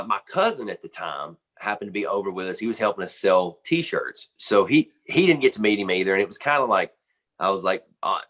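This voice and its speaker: Low-voiced man telling a rambling anecdote. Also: a bit bright. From United States. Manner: rambling storyteller, many fillers and restarts, laughs often. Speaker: guest musician, drummer. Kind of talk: casual anecdote in an interview.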